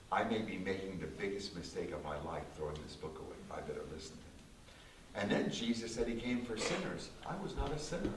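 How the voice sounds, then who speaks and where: A man, a concert pianist, giving an emphatic church testimony with repetitive, dramatic slow phrasing, recorded in a small church. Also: medium pitch. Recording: roomy distant church recording with faint hiss.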